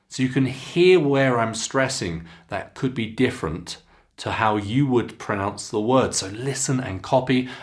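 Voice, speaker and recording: Slow, lively British English teacher. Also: male voice, fairly low pitch. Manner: slow, deliberate, clearly enunciated reading with instructions to repeat. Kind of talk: reading aloud for a pronunciation lesson.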